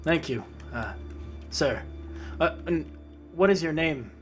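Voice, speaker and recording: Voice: medium pitch, animated, takes it slowly, faint music behind. A game master narrating a tabletop game casually, with many fillers.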